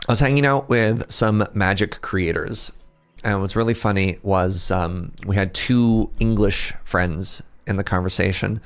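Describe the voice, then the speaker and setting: A man's voice: lowish voice, measured pace, clean tone. A man with a Canadian Pacific Northwest accent, chatting casually with viewers as he streams a fishing game, rambling and laughing often. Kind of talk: casual livestream chat with viewers.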